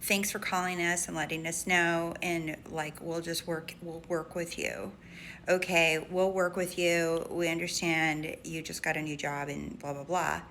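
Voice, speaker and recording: A woman's voice: deep voice, measured pace, a little hiss or hum. A woman casually telling a story to her audience, animatedly acting out what she and a friend said. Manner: animated, acts out quoted voices in a retelling. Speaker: lifestyle and manifestation creator.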